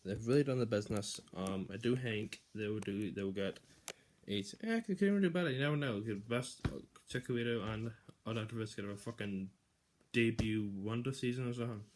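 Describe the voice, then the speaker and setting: A man's voice: on the low side, brisk, a little mellow, a little hiss or hum. A young man casually giving football predictions, rambling, swearing and restarting sentences often.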